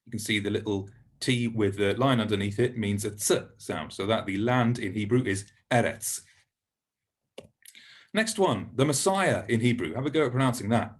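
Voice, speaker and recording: A man giving a recorded pronunciation lesson, patient and encouraging, slowing down to model each word for learners. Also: lowish voice, breathy edge. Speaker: Hebrew teacher.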